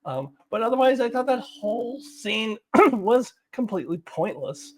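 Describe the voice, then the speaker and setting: Animated woman reviewing a show. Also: a little high, a little slow. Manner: animated, exasperated, laughs often. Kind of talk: casual spoken review.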